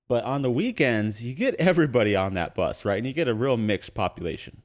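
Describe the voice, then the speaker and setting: A young adult man casually telling an animated anecdote on a podcast, laughing often and using lots of fillers. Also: on the low side.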